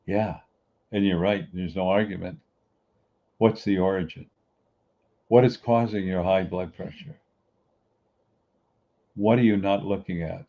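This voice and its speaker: A man's voice: deep voice, fairly even intonation, unhurried, long pauses. A middle-aged man hosting a podcast, giving an earnest, repetitive motivational talk in a preachy manner. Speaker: podcast host. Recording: dull lo-fi recording.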